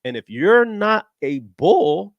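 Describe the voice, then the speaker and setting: An American man hosting a casual stock market chat show, talking emphatically, repeating himself and jumping into high-pitched outbursts. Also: big pitch swings, slow, dry recording, highs cut off. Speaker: stock trading show host. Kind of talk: casual live-stream talk.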